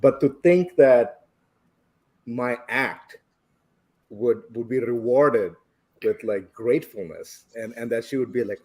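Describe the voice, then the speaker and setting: A man's voice: medium pitch, takes it slowly, pauses often, darkish tone, husky. A man from India, reflectively telling a personal story as a podcast guest and chuckling along the way. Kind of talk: casual storytelling.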